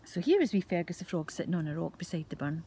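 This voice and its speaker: An older Scottish grandmother spins a story for little ones at home, gentle and lively, pausing to pull the children in. Her voice sits fairly low, with a faint hiss of background noise. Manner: gentle, animated, drawing children in. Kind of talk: telling a bedtime story to children.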